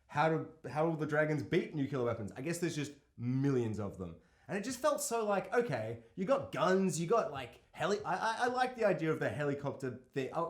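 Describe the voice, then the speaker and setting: Male podcast co-host, slightly high voice, animated and incredulous, casual and sweary, in an echoey room. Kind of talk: casual film discussion.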